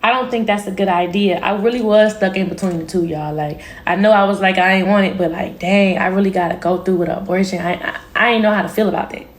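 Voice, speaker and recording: A woman telling her viewers a personal story in a candid, slangy, animated way. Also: mid-range voice, fast talker, reverberant. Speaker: storytime vlogger. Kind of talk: casual storytime monologue.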